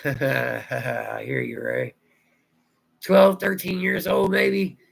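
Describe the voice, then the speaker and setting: An Ohio livestream host with a Southern drawl rambles through casual chat and answers viewer comments out loud. His fairly high, gravelly voice moves extremely slowly, and the audio is poor.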